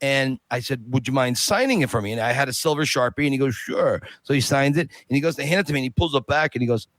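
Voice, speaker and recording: A man guest on a podcast, telling a long story in a casual, animated way and acting out the people in it. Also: medium pitch, rapid-fire, no room sound. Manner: animated, acts out quoted voices.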